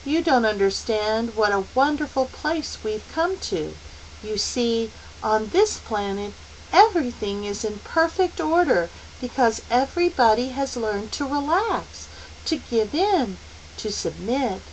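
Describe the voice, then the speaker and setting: A woman voicing a small boy who is possessed and speaks in a calm, bland, reasonable way. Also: on the high side, measured pace, slight background noise, pitched above the performer's own voice, rough recording. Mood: coldly calm.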